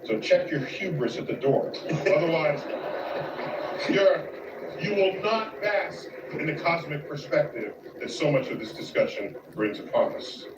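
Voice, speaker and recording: A man hosting a casual chat, explaining things with emphatic, drawn-out stresses. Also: fairly high pitch, expressive. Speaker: host. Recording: echoey room, far from mic, noisy, dull.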